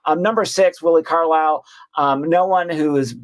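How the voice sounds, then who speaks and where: A man's voice: on the high side, normal speed. A man on a panel, ranking his favorite albums of the year in a rambling, enthusiastic way full of ums and restarts. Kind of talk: casual roundtable chat.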